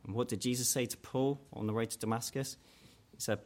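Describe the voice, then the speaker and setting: A man preaching a sermon in an earnest way, growing louder and higher when he voices quoted challenges. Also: steady tone, fairly quick, few pauses. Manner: earnest, rises in pitch and force when quoting mockers.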